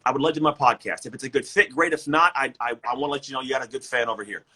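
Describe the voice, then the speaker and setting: Brief: male motivational coach, talks quickly and energetically with a bright, slightly husky voice. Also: mid-range voice, poor audio. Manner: energetic, emphatic, repeats words. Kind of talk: casual motivational talk. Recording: livestream guest.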